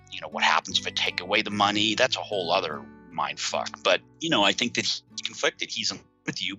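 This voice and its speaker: A man's voice: low voice, pushed and bright, poor audio. A man speaking earnestly and reflectively as a podcast guest, talking openly about his feelings. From United States. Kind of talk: candid conversation.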